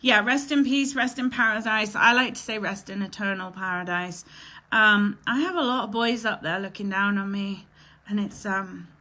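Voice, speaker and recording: Bright-voiced emotional woman hosting a live stream. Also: medium pitch, moderate pace. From Canada. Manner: emotional, chatty, greets viewers by name, often tearful. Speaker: live show host. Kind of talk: casual live-stream chat.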